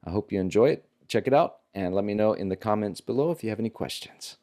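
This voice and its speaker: A man's voice: fairly low pitch, expressive, fast talker, warm tone. A man teaching Japanese, explaining manga dialogue in a chatty, casual way with restarts.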